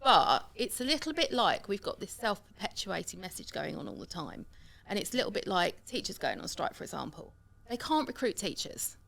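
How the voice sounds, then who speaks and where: A woman in casual podcast chat, animated and opinionated, talking about her kids and schools. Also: mid-range voice, a little fast, vocal fry.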